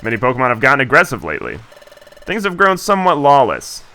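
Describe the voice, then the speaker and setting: A man's voice: mid-range voice, huge pitch swings, fast talker, bright, forceful tone, full character voice. A man reading the lines of a timid, gloomy young male lizard creature in a game, in a mild, downcast way. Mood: wistful.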